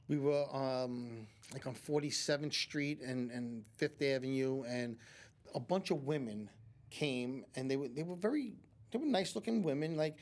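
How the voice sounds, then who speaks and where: In a community TV studio, a psychic medium being interviewed on a talk show tells stories in a mid-range, slightly mellow voice. His anecdotes ramble on with many restarts, and he acts out people's quotes.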